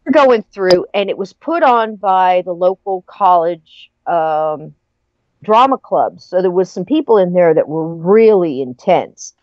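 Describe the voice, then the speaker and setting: A woman's voice: lowish voice, expressive, unhurried, no echo. A middle-aged woman in casual chat, animatedly telling a story with frequent laughter. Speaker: podcast guest. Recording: dry, muffled lo-fi audio.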